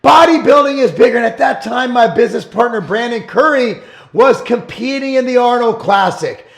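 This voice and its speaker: A middle-aged man hosting his own show, talking bluntly and emphatically in a casual monologue, sometimes rising to shouts. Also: very high voice, animated, normal speed, gravelly. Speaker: show host and supplement business owner. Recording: roomy echo.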